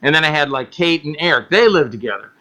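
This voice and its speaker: A man chatting casually in an interview, telling animated stories about making films, acting out quotes and swearing freely. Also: a little high, fast talker. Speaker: guest filmmaker.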